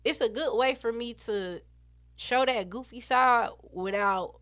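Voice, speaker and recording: A woman in her twenties, an animated and blunt interview guest who swears freely. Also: a little high, a little slow, no echo, clean studio sound. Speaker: interview guest, battle rapper. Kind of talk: casual interview chat.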